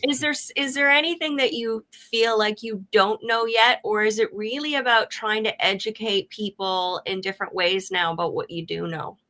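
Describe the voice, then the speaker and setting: A woman's voice: medium pitch, steady tone, moderate pace, few pauses, sharp tone. A woman co-hosting a live-stream podcast, asking friendly, chatty questions. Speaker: co-host. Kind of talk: casual live-stream chat.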